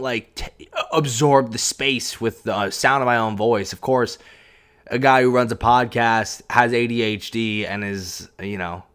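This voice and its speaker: A man's voice: mid-range voice, fairly bright tone. A man hosting a solo podcast from a room at home, talking casually in a rambling, self-deprecating way with lots of fillers and restarts. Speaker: podcast host. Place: echoey home room, on a couch. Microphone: podcast mic with pop filter.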